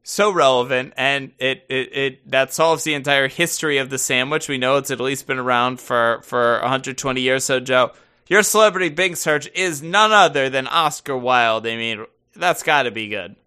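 A man's voice: medium pitch, moderate pace, bright, forceful tone, smooth. A man co-hosting a casual podcast, playful and stammering. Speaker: podcast co-host.

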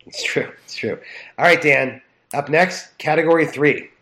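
A man's voice: fairly high pitch, measured pace, sharp tone. A man co-hosting a podcast, chatting casually and enthusiastically. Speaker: podcast co-host. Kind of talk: casual chat.

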